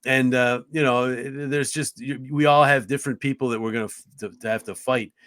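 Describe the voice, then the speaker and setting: A hockey play-by-play man in his fifties, from upstate New York, spins career stories on a podcast in a mid-range voice. He is earnest and chatty, trips over restarts, and pops his pitch up to play the other people in the tale. The sound is dry and close, with no room around it. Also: a little fast, dry recording. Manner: lively storyteller who acts out other people's lines with his voice jumping up. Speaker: hockey play-by-play broadcaster, guest. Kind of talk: conversational storytelling in a podcast interview.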